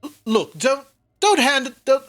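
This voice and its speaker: A woman's voice: high-pitched, sing-song, measured pace, a bit bright, voice pushed up, heavily acted. A woman voicing a flustered, pompous male official who stammers in a tabletop game. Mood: bewildered.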